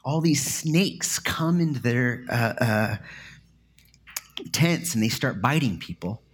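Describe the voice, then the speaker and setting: A man's voice: mid-range voice, lively intonation, slow pace, husky. A man giving a sermon in an earnest, conversational way, with casual fillers as he explains a passage. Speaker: pastor.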